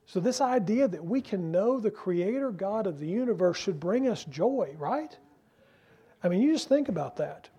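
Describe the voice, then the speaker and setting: A man preaching a sermon as pastor, earnest and emphatic, asking rhetorical questions and slowing down to stress key phrases. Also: high-pitched, animated, warm tone, breathy edge, lo-fi sound.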